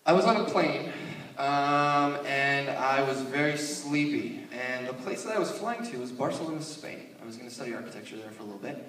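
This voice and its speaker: A young man telling a stand-up story on stage, animated and laughing at his own tale. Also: mid-range voice, a little fast, few pauses. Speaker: stand-up comedian. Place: stage in a hall with an audience. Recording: echoey, distant, noisy hall.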